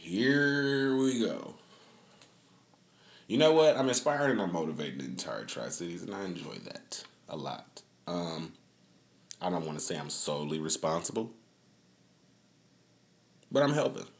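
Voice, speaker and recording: Deep-voiced man hosting a loose podcast. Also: very animated, moderate pace, pauses often. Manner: loose, profane, laughing storyteller. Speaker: podcast host. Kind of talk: casual podcast chat.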